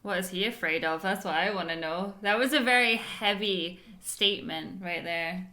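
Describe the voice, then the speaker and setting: A woman's voice: fairly low pitch, moderate pace, pushed and bright. A woman hosting a reaction video, chatting in a casual and outspoken way.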